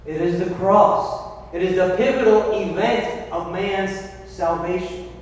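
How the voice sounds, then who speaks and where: A man preaching a homily as a Catholic priest, telling a story with restarts and slowing down for emphasis. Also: high-pitched, fairly even intonation. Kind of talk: sermon. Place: church. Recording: echoey church from far off.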